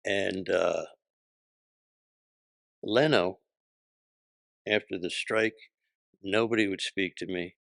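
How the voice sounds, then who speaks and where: A man's voice: sits low, steady tone, slow, vocal fry, long pauses, a bit bright, dry recording. An older man, a comedian guest, telling punchy, profane anecdotes and acting out voices in an interview. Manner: punchy, profane, acts out voices in his stories.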